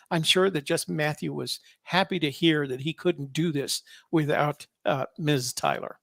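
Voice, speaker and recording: Gravelly-voiced man, wry and halting. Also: a little high, steady tone, a bit bright, no echo, clean studio sound. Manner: wry, sarcastic asides, halting with many fillers. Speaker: podcast host. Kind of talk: casual commentary reading court filings.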